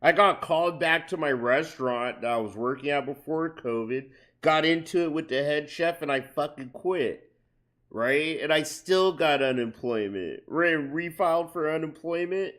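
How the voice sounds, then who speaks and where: A man's voice: fairly high pitch, normal speed, fairly bright tone. A young man doing casual reaction commentary on a stream, crude and profane as he rambles through stories.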